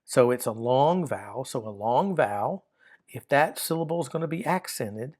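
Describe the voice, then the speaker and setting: A man's voice: mid-range voice, lively intonation, moderate pace, darkish tone. Male teacher, mid-range voice, patient, methodical classroom explainer. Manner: patient, methodical, repeats key points. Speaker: Greek grammar teacher.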